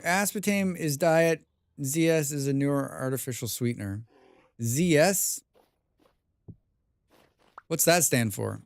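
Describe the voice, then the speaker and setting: A man's voice: medium pitch, sing-song, unhurried, vocal fry, long pauses, no room sound. A man live-streaming a survival game, reading viewer chat aloud and answering with dry, rambling jokes, humming and mumbling to himself in between.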